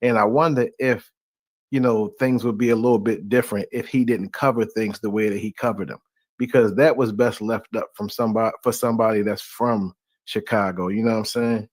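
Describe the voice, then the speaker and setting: A man's voice: lowish voice, fairly even intonation, a little fast, dry recording. A man hosting a live stream in a loose, laid-back, rambling way and inviting viewers to join. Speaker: host. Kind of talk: casual live-stream talk.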